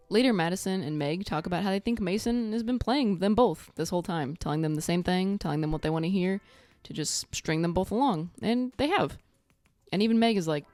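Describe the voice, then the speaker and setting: A woman's voice: lowish voice, moderate pace, darkish tone, no room sound, soft background music. A woman recapping a reality show in a casual vlog, blunt and sarcastic, swearing freely. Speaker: TV recap vlogger.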